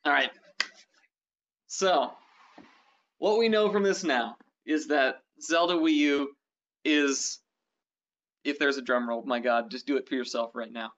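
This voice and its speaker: A man's voice: medium pitch, measured pace, long pauses, fairly bright tone. A man co-hosting a gaming channel, chatting casually and enthusiastically about game news with many ums and restarts. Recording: dull lo-fi sound.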